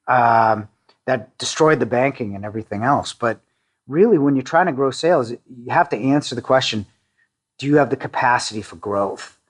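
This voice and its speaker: A middle-aged man from the Boston area, a company CEO, talking casually in an interview, with frequent restarts and fillers. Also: mid-range voice. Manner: halting, many restarts and fillers, self-deprecating.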